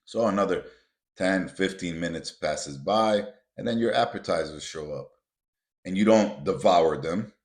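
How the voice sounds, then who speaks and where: A man's voice: deep voice, a little slow. A man hosting a motivational podcast, talking bluntly and emphatically straight to his listeners and swearing freely. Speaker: podcast host.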